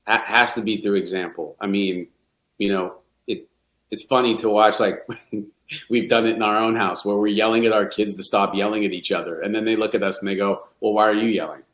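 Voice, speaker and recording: A man's voice: lowish voice, steady tone, a little fast, a bit bright. A middle-aged man, a golf coach, speaking candidly and reflectively in a podcast interview, often restarting his sentences. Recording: roomy echo.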